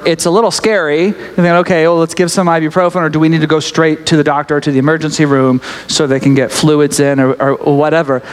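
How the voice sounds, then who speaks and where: Male pastor telling bible stories casually, jokey, bit high voice. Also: clean tone. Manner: chatty and joking, with restarts and laughs. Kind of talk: casual storytelling sermon. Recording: echoey hall reverb.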